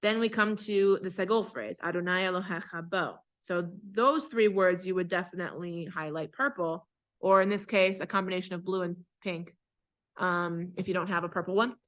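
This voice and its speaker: A woman cantor with a bright, ringing voice leads a class in a synagogue. She explains each chanted phrase in a patient, conversational way. Then she sings the phrase slowly as an example. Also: lowish voice. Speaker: cantor teaching Torah chanting.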